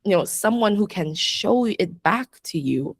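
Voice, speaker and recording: A woman's voice: medium pitch, lively intonation, measured pace, husky, no echo. A young adult woman, a podcast guest and astrologer, chatting reflectively with lots of "like" and frequent laughter. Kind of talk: casual interview chat.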